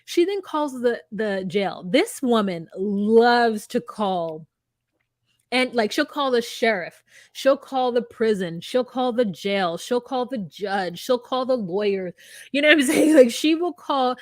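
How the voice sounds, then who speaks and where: A woman's voice: a little high, unhurried, no room sound. A woman co-hosting a podcast, chatting casually and animatedly, joking and acting out quotes. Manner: animated, jokey, acts out quotes in funny voices. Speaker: podcast co-host. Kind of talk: casual recap chat.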